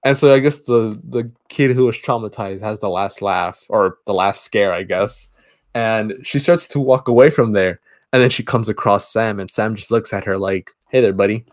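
With a fairly low voice at a moderate pace, a male podcast co-host casually recounts the plot of a horror film. It's loose movie review chat, full of restarts and side comments.

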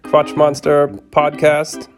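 A man with a cold, hosting a podcast from a home studio and reading a storybook chapter aloud in a relaxed way. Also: a little high, takes it slowly, music in the background. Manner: relaxed, with fillers and soft laughs. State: has a cold. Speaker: podcast host and narrator. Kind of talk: casual appeal and storybook narration.

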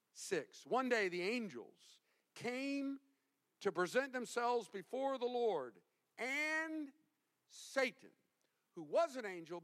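A male pastor preaching a sermon, animated and emphatic, swinging from hushed to loud. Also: sits high.

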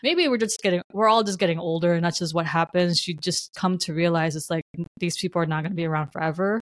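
Chatty podcast woman, low and dry. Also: fast, no room sound. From New Jersey. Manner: chatty and warm-hearted, laughs often, loose filler-heavy rambling. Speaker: podcast host. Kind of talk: casual reflective monologue.

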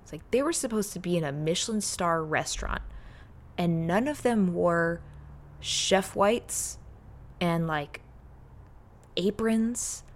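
A woman's voice: fairly low pitch, takes it slowly, pauses often. A woman who bakes professionally, co-hosting a podcast and telling stories in casual chat, full of "like.". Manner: storytelling, filler-heavy "like". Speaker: professional baker, podcast co-host.

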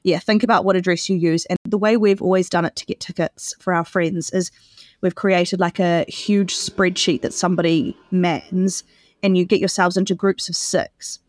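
A woman's voice: on the low side, fairly even intonation, moderate pace, dry recording, clean studio sound. A woman co-hosting a podcast in casual chat, explaining things at length and laughing often. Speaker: podcast co-host.

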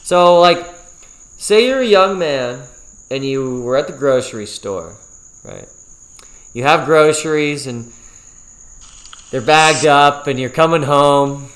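Teasing podcast host man, higher voice. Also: animated, takes it slowly, pauses often, fairly bright tone. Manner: teasing and playful. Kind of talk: casual chat.

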